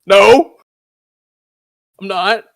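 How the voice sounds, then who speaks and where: High-voiced man joking on a podcast. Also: very slow, vocal fry. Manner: joking, profane, eager to move on. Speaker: podcast co-host. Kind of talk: casual chat.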